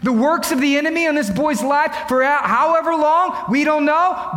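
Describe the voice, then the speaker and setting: A man preaching a sermon to his congregation, impassioned and dramatic, acting out quotes and building to shouts. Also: extremely high pitch, normal speed, hardly any pauses, echoey room, big-room sound. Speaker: pastor.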